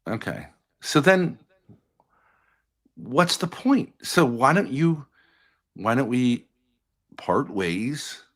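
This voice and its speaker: A man argues hard on a live stream, blunt and profane, hammering his points. His pitch swings widely as he presses on, jumping high, then dropping low. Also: big pitch swings, very slow, long pauses, fairly bright tone. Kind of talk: heated argument on a live stream.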